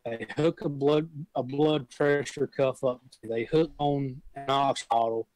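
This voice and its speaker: Folksy young firefighter telling stories. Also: male voice, mid-range voice, steady tone, unhurried, darkish tone, poor audio. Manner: rambling, folksy storytelling with repeated restarts. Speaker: guest, volunteer firefighter. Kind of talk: casual storytelling.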